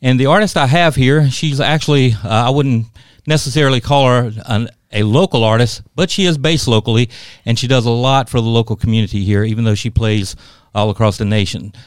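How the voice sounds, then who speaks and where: A man's voice: mid-range voice, a little fast, clean tone, no echo. A man hosting a casual studio interview, effusive and full of compliments for his guest. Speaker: podcast host and interviewer.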